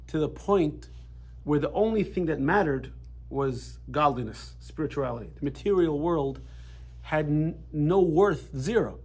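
A rabbi teaching a casual Torah class, telling stories in an animated way with frequent restarts. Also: male voice, on the high side, breathy edge.

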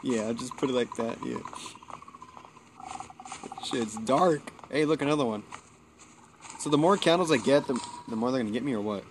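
A man giving casual let's play commentary, excitable and jumpy, swearing when startled. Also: medium pitch, moderate pace, pauses often, slight background noise. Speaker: gameplay commentator.

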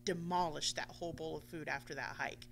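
A woman telling a long casual story on a radio talk show, animated and swearing freely, acting out the voices she quotes. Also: deep voice, a little fast, vocal fry, a little hiss or hum.

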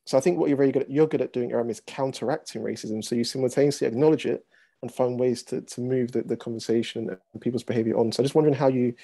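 A man's voice: mid-range voice, steady tone, quick pace, mellow. A man chairing a discussion panel, putting a thoughtful question to a guest and reasoning it through aloud.

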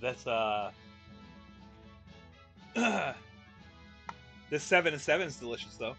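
A man's voice: mid-range voice, big pitch swings, slow pace, creaky, fairly bright tone, soft background music. A man streaming a game live, frustrated and swearing as he rants about the gameplay.

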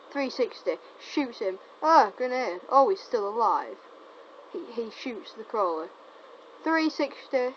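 Teasing gamer, dull lo-fi sound. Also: female voice, medium pitch. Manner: teasing, excitable, stumbling over words. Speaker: gameplay commentator. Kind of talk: casual live gameplay commentary. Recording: dull lo-fi recording with faint noise.

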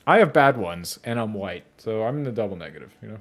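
A man's voice: lowish voice, lively intonation, quick pace, soft background music. Profane young man chatting over gameplay. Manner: loose, profane, laughs often, slips into exaggerated quoted voices. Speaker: YouTube host reacting to a video while gaming. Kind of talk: casual reaction chat.

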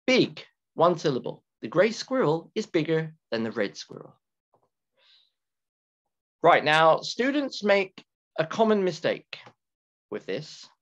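A man teaching an English grammar lesson to students, talking slowly and deliberately, repeating key words and stretching them for emphasis. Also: fairly high pitch. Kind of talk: recorded classroom grammar lecture. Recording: dull lo-fi lecture recording with keyboard typing.

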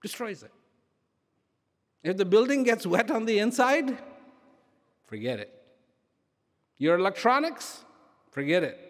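A man giving a slow, reflective inspirational talk, repeating key phrases for emphasis and letting phrases trail off softly. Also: sing-song, long reverb tail. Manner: drops to soft, trailing low phrases. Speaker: speaker.

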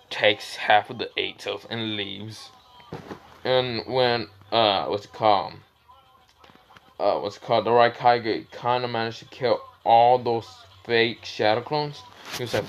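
A man's voice: mid-range voice, measured pace, faint music behind, poor audio. A man casually narrating a fan story, rambling and searching for words as he goes. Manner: rambling, fillers like "what's it called".

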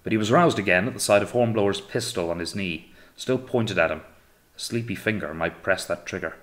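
A man reading an audiobook of a naval adventure in steady, measured narration. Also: on the low side. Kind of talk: scripted narration.

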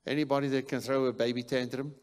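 Man, pastor preaching, emphatic, loud then hushed, church sermon. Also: mid-range voice, level tone, fast talker. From South Africa. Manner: emphatic, swings between loud declarations and quiet murmurs.

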